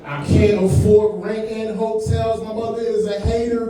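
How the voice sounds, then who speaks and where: A man's voice: high-pitched, level tone, normal speed, over music. A stand-up comedian in his forties with a laid-back, conversational delivery on a comedy club stage. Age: 40s. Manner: laid-back, conversational delivery with frequent "man" and "you know what I'm saying". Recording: echoey club sound from far off.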